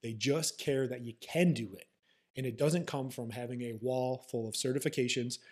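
A man's voice: mid-range voice, fairly even intonation, normal speed, a little mellow, slightly rough. A man hosting a podcast, a manual therapist talking in a blunt, profane and sarcastic way.

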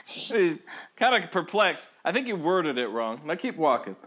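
A man co-hosts a podcast in a relaxed, joking manner. His voice is slightly high, and his pitch moves freely and brightly as he talks. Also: normal speed. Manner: laid-back, joking. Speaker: podcast co-host. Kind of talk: casual chat.

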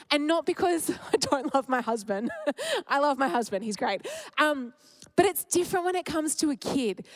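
A woman, preaching a sermon in a candid, heartfelt way that often slips into laughter. Her voice sits a little high, and the close mic gives it a dry sound with no room echo. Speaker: speaker at church.

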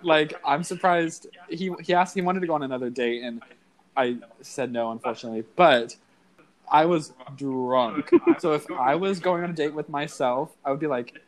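Young man, podcast co-host, casual chat, joking storyteller, slightly high voice. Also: moderate pace.

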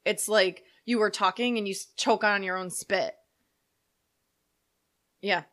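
A woman's voice: mid-range voice, fairly even intonation, measured pace, a bit bright. Joking woman. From Western New York. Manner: blunt, joking, swears freely. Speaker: podcast co-host. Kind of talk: casual comedic chat.

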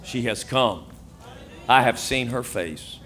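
A man preaching a sermon as pastor, acting out dialogue and swinging from hushed asides to shouted lines. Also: mid-range voice, slow.

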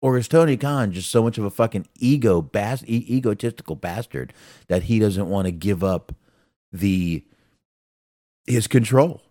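Male podcast co-host, very deep, dry close sound, blunt, profane. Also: normal speed, mellow, dry recording. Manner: blunt, swears a lot, laughs often. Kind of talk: profane wrestling podcast chat.

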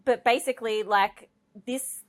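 A woman's voice: fairly high pitch, unhurried. A woman co-hosting a podcast, telling stories in casual chat with lots of fillers. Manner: animated storytelling, many fillers. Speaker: podcast co-host.

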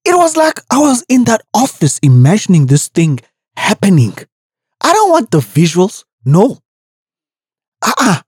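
A woman's voice: on the low side, a little slow, long pauses, breathy edge, no room sound, studio quality. A woman hosting a podcast, brash and profane in comedic commentary. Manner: brash, profane, animated storytelling. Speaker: podcast host.

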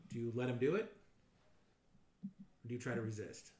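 A man leads a tabletop game as its game master, narrating every swing and miss with gusto and tossing in his own sound effects. His voice is mid-pitched and sits in a roomy, echoing space. A faint hiss runs under the recording. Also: normal speed. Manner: animated, acts out sound effects and blurts out enemy lines. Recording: roomy echo, faint noise.

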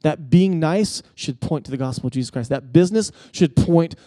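A male pastor preaching a sermon in a conversational, animated way, often restarting his phrases and building intensity as he tells stories. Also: a little high, moderate pace, no echo, clean studio sound. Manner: conversational with frequent restarts and stammers; animated storytelling, rising intensity at key points.

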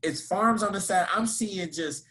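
A young man from Kentucky, co-hosting a podcast and telling a story in casual, slangy talk. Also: measured pace. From Kentucky, USA. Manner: animated, slangy, laughing, jumps into high voices for quotes. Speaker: podcast co-host.

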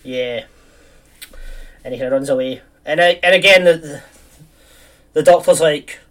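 A man's voice: fairly high pitch, normal speed, recorded from a distance. A man chatting casually, rambling through a film plot with lots of fillers and restarts.

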